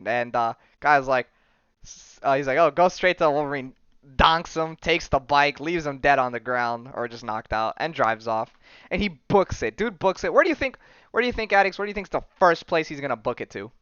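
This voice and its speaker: A man's voice: medium pitch, animated, normal speed, fairly bright tone, clean tone, no room sound, muffled recording. A young man hosting a casual podcast, rambling through a comic book story with laughs and acted-out lines. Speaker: podcast host.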